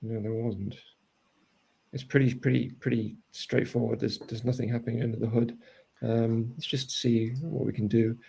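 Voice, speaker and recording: Gravelly-voiced man explaining trades. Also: medium pitch, level tone, moderate pace, dark tone. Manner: explains steps, ends points with "right?". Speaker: trading coach. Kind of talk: live market analysis chat.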